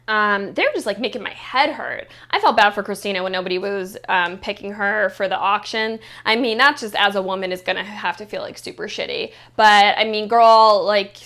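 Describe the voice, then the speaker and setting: A woman's voice: medium pitch, bright, forceful tone. A woman vlogger giving a blunt, profane, sassy recap of a reality show, peppered with "like". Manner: blunt and profane, heavy use of "like"; sassy, mocking commentary. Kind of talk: casual reality-show review monologue.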